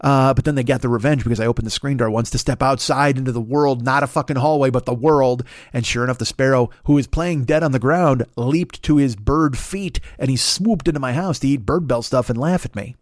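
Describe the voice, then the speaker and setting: A middle-aged man doing a rambling, profane comedy monologue as a podcast host, full of restarts and animated rants. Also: medium pitch, fairly quick, few pauses, no echo, clean studio sound.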